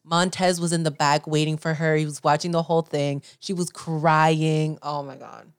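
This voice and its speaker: A young woman co-hosting a podcast, chatting excitedly and swearing casually. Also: deep voice, normal speed, clean tone, dry recording, studio quality. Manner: excitable, swears casually, acts out her own reactions. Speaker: podcast co-host. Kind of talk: casual chat.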